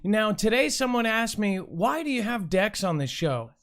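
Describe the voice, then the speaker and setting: A man's voice: high voice, big pitch swings, moderate pace, fairly bright tone. Man, comedy show host, mock newscast, stumbles over words, silly repeated words, joking asides. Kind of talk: goofy read-out news blooper reel.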